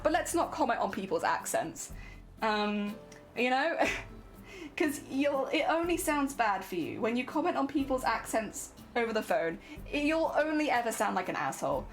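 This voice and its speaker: Chatty young woman, lively voice. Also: medium pitch. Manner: chatty, laughs often, repeats words. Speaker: streamer. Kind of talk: casual chat while crafting.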